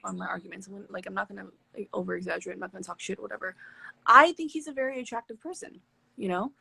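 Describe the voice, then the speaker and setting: A woman hosting a live stream, telling a personal story in a candid, animated way with plenty of swearing. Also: mid-range voice, rapid-fire, vocal fry, husky. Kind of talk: casual storytelling chat. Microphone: phone on a live stream.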